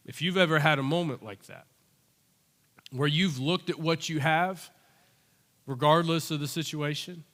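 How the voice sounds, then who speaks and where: Animated, bright-voiced male pastor. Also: on the high side. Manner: animated storytelling, acting out voices. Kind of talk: sermon. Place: church. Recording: long church-hall reverb.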